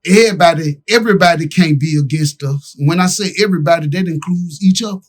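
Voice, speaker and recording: A man co-hosting a podcast speaks with passion, almost preaching, his language packed with slang. His voice is a little high and quick, swinging from loud calls to quiet asides.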